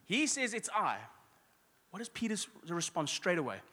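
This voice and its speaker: Lively man preaching. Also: high-pitched, big-room sound. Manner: lively, conversational preaching with quick asides and restarts. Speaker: pastor. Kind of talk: sermon.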